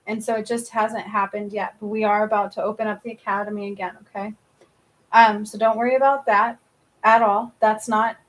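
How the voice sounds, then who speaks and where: Spiritual reader on a live stream, a woman with a slightly high voice, emphatic and blunt. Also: low-quality recording. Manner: emphatic, keeps adding "okay?", swears casually. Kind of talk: live-stream card reading.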